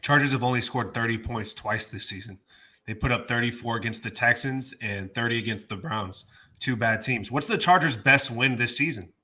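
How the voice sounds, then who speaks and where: A man's voice: medium pitch, moderate pace, pushed and bright. A man co-hosting a sports podcast, ranting in casual chat with exasperation. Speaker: podcast co-host.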